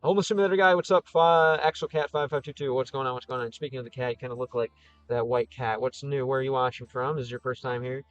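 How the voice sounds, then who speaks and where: A man's voice: medium pitch, fairly even intonation, fast, highs cut off. Easygoing man chatting on a livestream. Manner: easygoing, thinks aloud with frequent restarts. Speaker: streamer answering live chat. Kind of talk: casual livestream chat.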